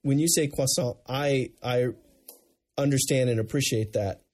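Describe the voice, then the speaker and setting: Podcast co-host from the States, a man with a warm, slightly husky voice who restarts his sentences a lot. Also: medium pitch, moderate pace. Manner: rambling, many restarts. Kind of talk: casual chat.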